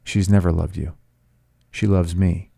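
A man's voice: deep voice, steady tone, measured pace, creaky, dark tone, slightly rough, no echo, studio quality, exaggerated voice. A man reading the part of an earnest, polite young man in love, with an intense delivery.

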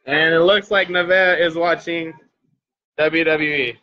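A man's voice: a little high, fairly even intonation, unhurried, highs cut off. A man hosting a casual livestream, joking with viewers and swearing freely. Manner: joking, profane, talks straight to viewers. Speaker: livestream host and parent.

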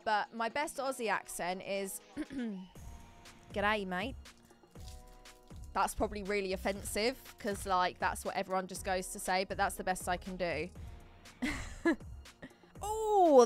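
A woman's voice: medium pitch, moderate pace, sharp tone, soft background music. A woman chatting casually on a live stream, giggling as she opens card packs and answers viewers.

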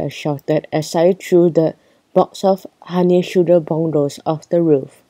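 A woman's voice: lowish voice, fairly even intonation, a little slow, mellow, no room sound, poor audio. A woman reading a children's book aloud, storytelling with light character voices. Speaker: reader.

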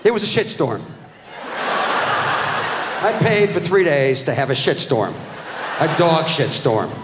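A middle-aged man doing a stand-up comedy routine, telling a story with profane, animated outbursts. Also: fairly high pitch, a little slow, noisy background. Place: live comedy venue with audience. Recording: echoey live hall recording.

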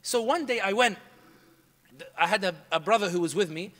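A man telling a story to a room in a fast, emphatic way, slipping Arabic phrases into his speech. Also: high-pitched, a bit bright, big-room sound. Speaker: public speaker. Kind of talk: animated storytelling talk.

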